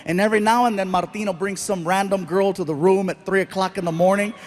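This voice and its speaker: A man telling stand-up comedy stories in an animated, self-mocking way. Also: high voice, fast. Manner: animated, self-mocking, acts out the voices of others.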